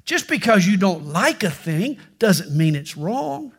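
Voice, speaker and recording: A male pastor preaching a sermon, with animated storytelling and touches of humor. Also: high voice, measured pace, slightly rough.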